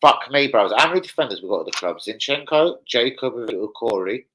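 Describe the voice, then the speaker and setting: A man's voice: mid-range voice, animated, fairly quick, noisy background. A man chatting live to viewers about football, with sweary, blunt banter. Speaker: football fan streamer. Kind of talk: casual live-stream chat.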